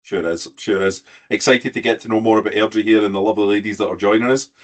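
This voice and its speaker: Laid-back low-voiced podcast co-host man. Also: fairly even intonation, very fast. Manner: laid-back, banters, says mate. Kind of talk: casual chat.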